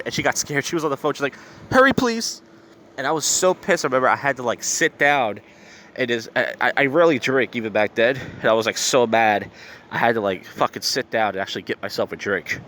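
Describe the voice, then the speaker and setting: A man's voice: mid-range voice, fairly bright tone. A tipsy, slightly slurring man hosting a podcast outdoors, telling stories in a blunt, profane, bitter way. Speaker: podcast host. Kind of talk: casual storytelling monologue. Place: outdoors on a street. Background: faint street and traffic noise.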